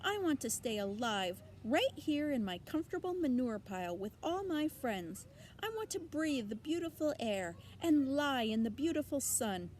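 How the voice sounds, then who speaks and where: Woman voicing a shrill sobbing piglet boy, high wailing voice, wild swoops, storybook reading. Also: very animated, moderate pace, a little mellow, slight background noise. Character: panicking young male pig, tearful.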